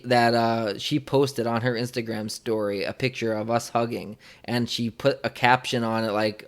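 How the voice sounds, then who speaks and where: Young man, interviewer, casual storytelling, rambling, lots of fillers. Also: mid-range voice. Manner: rambling, emotional, with many fillers and restarts.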